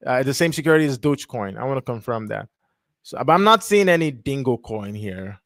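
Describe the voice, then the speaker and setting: A man's voice: medium pitch, expressive, fairly bright tone, dry recording, clean studio sound. A young man hosting a crypto livestream, thinking aloud in a rambling way and reading web text aloud with stumbles and restarts. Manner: rambling, self-correcting, reads text aloud haltingly. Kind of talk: casual thinking-aloud screen review.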